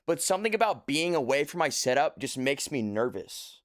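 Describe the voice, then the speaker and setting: A man's voice: on the high side, sing-song, normal speed, no room sound, studio quality. A young man hosting a casual livestream, joking and playfully mock-serious, talking from a few feet back from his desk mic at his home setup. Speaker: livestream host.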